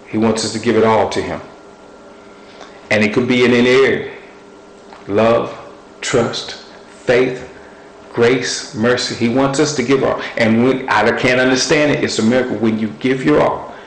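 A man's voice: fairly low pitch, normal speed, long pauses, a bit bright, roomy sound, a little hiss or hum, low-quality recording. A man preaching a sermon, speaking earnestly and building his points through repetition.

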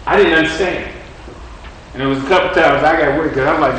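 A man preaching a sermon in a conversational style, repeating his phrases and swinging between loud and quiet. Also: on the high side, quick pace, pauses often, slight background noise. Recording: echoey room from a distant mic.

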